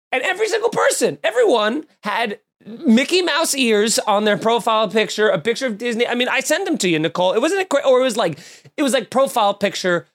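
A man's voice: extremely high pitch, vocal fry. A man hosting a comedic podcast, telling rambling, self-mocking stories in casual chat. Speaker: podcast host.

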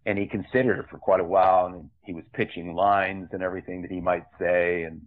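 A man's voice: sits low, fairly even intonation, a little fast. An older man, a film director, telling rambling, chatty stories with many asides in an interview. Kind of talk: anecdotal interview storytelling. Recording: tinny phone-like remote line.

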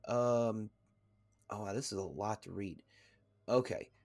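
A man hosting a podcast, reading a text aloud in a halting way, with fillers and stumbles. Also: lowish voice, darkish tone, dry recording. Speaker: podcast host.

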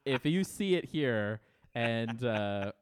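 A man's voice: medium pitch, animated, takes it slowly, smooth. A man co-hosting a podcast in casual chat, talking to listeners with frequent stammering restarts. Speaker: podcast co-host.

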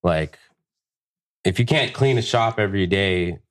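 Deep-voiced man telling a profane story. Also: unhurried. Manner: profane, animated storytelling with acted-out quotes. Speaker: podcast guest, tattoo artist. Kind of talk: casual storytelling chat. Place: tattoo shop podcast room.

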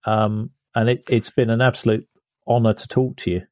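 A man hosting an interview podcast, speaking in a halting, slow way. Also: fairly low pitch, level tone, darkish tone, dry recording, studio quality. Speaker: podcast host.

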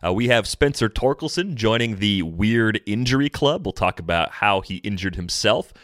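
This is a man hosting a podcast in casual chat. His voice sits low, and the sound is close and dry. He keeps things upbeat and moves the talk along. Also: expressive, normal speed, a bit bright, no room sound. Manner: upbeat, conversational, steers the talk. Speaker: podcast host.

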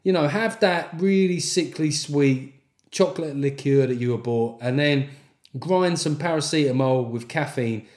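A man's voice: fairly high pitch, a little slow, a little mellow, reverberant. A man hosting a podcast, delivering a sweary, jokey comic monologue and reading out listener reviews. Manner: sweary, jokey, slips into mock accents. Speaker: podcast host.

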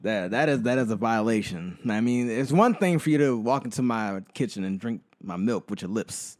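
A young man co-hosting a podcast in relaxed, slangy casual chat. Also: on the low side, moderate pace. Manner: laid-back, slangy, many short backchannels. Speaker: podcast co-host.

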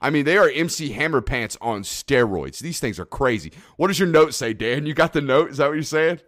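Man, podcast host, casual rambling chat, excitable, mid-pitched, dry sound. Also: brisk, no echo. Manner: rambling, excitable, laughs often.

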